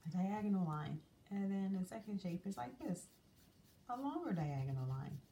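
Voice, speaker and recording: A woman's voice: mid-range voice, animated, moderate pace, dark tone. A woman teaching young children a drawing lesson, coaxing and sing-song as she draws and asks them questions. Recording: distant mic, faint room noise.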